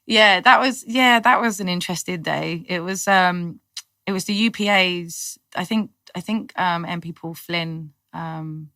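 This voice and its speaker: A middle-aged woman, a podcast guest telling her story in lively, casual talk, acting out what people said and laughing often. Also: on the low side, unhurried, no room sound. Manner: animated storyteller, acts out quotes, laughs often. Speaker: guest, cannabis activist.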